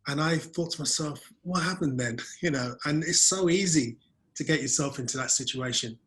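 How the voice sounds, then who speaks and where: A man's voice: a little high, normal speed, a bit bright, poor audio. A man hosting a video-call webinar interview, telling casual self-deprecating stories about his early days on camera. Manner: chatty, self-deprecating storyteller. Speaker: webinar host.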